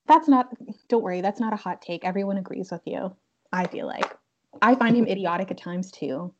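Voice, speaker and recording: A woman's voice: medium pitch, expressive, fairly quick, a little hiss or hum. Giggly young woman chatting. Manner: giggly, lots of "like" fillers. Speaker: podcast co-host. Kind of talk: casual chat. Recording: dull lo-fi sound.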